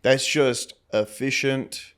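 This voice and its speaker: A man's voice: mid-range voice, steady tone, slow pace, a bit bright, clean tone. A young man co-hosting a casual sports podcast, brash and profane, trash-talking a rival team. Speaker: podcast co-host.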